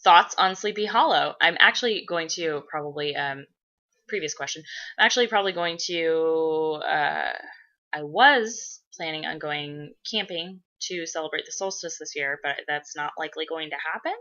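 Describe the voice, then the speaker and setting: A woman vlogger chatting casually through viewer questions, rambling and profane with lots of fillers, sometimes breaking into loud excited gushing. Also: low-pitched, moderate pace. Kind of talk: casual chat. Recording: dull lo-fi recording.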